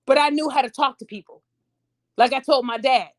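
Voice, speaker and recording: A woman hosting a podcast speaks a little fast in a high voice, chatting animatedly to her audience. Her casual commentary includes acting out voices.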